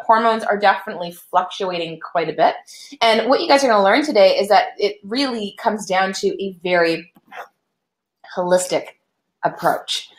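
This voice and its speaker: A young woman hosting a live online webinar, greeting viewers in an upbeat, chatty way with many fillers. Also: medium pitch. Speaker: webinar host. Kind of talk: casual live-stream chat. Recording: echoey room.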